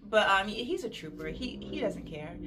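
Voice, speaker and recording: Recounting something that happened to her, a young woman chats casually at a moderate pace and includes plenty of detail. When quoting others, she puts on lively voices that jump sharply in pitch.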